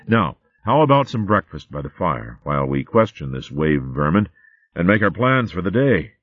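A man voicing a calm, steady male warrior mouse in a storybook. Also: low-pitched, normal speed, no echo. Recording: phone-like dry audio.

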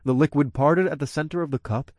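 A man's voice: a little high, fast talker, darkish tone, no echo. A man narrating an audiobook in the first person, telling the story expressively.

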